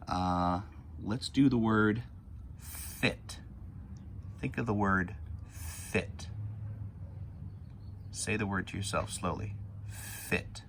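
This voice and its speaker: Patient low-voiced man teaching phonics. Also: gravelly, slight background noise. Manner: patient, sounds words out slowly. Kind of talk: recorded phonics lesson for children.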